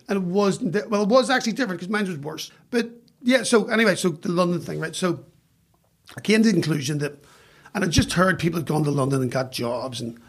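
Northern Irish man, middle-aged, husky, slightly high voice, chatty guest. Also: quick pace. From West Belfast, Northern Ireland. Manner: chatty, self-mocking, animated retelling. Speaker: podcast guest. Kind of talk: casual storytelling.

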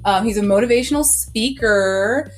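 A woman's voice: mid-range voice, moderate pace. Giggly young woman podcast host. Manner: giggly, playful, laughs often. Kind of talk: casual chat.

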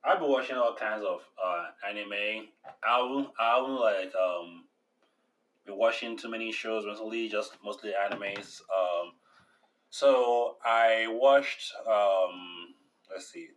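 A man co-hosting a casual podcast chat, talking in a relaxed, hesitant way with many fillers. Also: lowish voice, slow pace, recorded from a distance, low-quality recording. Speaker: podcast co-host.

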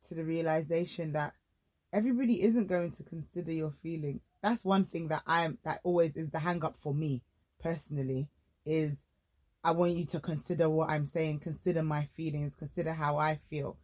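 A woman's voice: low voice, a little mellow. A woman hosting a casual faith-based podcast chat, speaking in an earnest, reflective way. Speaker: podcast host.

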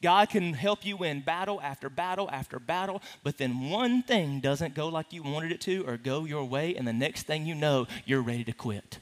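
A man preaching a sermon to a congregation, animated and playful, with teasing asides to the room. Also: a little high, normal speed, hardly any pauses. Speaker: pastor. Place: large hall with a congregation. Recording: reverberant hall.

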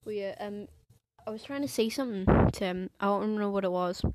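A woman's voice: medium pitch, fast talker, darkish tone, dry recording. A teenage girl with an English accent, rambling through a casual solo podcast, full of fillers and restarts. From England. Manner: rambling, filler-heavy, self-interrupting. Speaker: podcast host.

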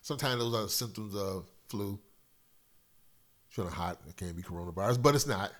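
A middle-aged man hosting a casual solo podcast, loose and profane, slightly congested from a cold, swinging between loud and quiet. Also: fairly low pitch, brisk. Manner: loose, profane, rambling storyteller with big swings in loudness. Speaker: podcast host.

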